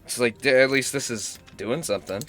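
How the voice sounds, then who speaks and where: A sick young man with a hoarse, cracking voice and a cough, chatting casually and swearing while he streams a game. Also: medium pitch, a little fast, fairly bright tone, faint music behind. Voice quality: rough, cracking voice. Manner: rambling, self-mocking, swears often. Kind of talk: casual gaming stream chat.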